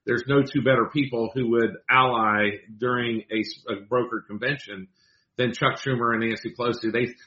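A bright-toned man speaks as a guest commentator on a political talk show. He talks in a measured, deliberate way and sometimes restarts words. The sound is roomy and slightly lo-fi. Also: medium pitch, steady tone.

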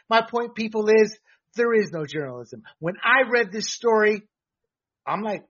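A man hosts a sports talk show, delivering blunt, emphatic opinions and stumbling over fillers as he goes. His voice sits high and bright with a husky edge. The audio is dull and lo-fi.

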